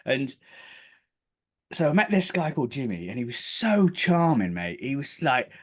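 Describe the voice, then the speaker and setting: In a casual storytelling interview, a UK property developer speaks at a normal speed as a podcast guest, animatedly recounting events and delivering quotes in higher-pitched bursts.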